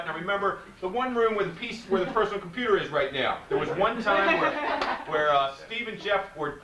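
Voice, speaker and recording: A man's voice: on the high side, sharp tone. A man casually telling an old family story, rambling and laughing through it, recorded on a home camcorder in a house. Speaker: family member on a house tour. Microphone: camcorder mic at a distance. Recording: roomy home camcorder audio from a distance.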